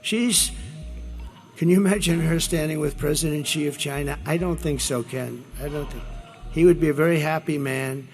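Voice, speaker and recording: A man's voice: a little high, normal speed, faint music behind. A man giving a rambling, repetitive campaign rally speech, boastful and full of asides. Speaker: politician addressing a rally.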